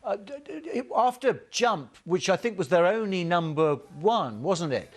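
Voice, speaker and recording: A male presenter with a high voice asks interview questions, stumbling and restarting as he goes. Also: very animated, moderate pace. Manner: stammering questions. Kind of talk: news interview.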